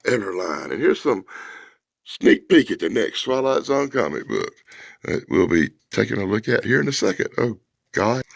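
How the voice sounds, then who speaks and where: A man's voice: low-pitched, gravelly, no room sound, studio quality. A man hosting a comic book review vlog, giving a sarcastic, mocking running commentary as he pages through an old comic. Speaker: host.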